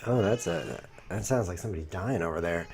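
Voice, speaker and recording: A man's voice: low-pitched, brisk, gravelly, darkish tone. A man streaming a chess game, thinking aloud in a playful, rambling way. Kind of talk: live chess commentary.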